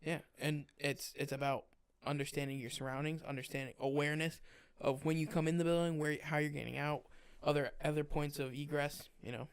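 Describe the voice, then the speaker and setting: A man's voice: a little high, steady tone, fairly quick, few pauses, smooth. A young man co-hosting a casual podcast, talking bluntly, swearing freely and using many fillers. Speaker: podcast co-host, firefighter.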